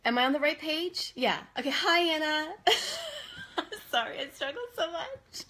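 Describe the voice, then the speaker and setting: Bubbly, bright-voiced woman vlogger. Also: high-pitched, a little slow, a little hiss or hum. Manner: excitable and goofy, greets viewers by name, self-deprecating. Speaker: homeschool vlogger hosting a live video. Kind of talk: bubbly casual live-stream chat.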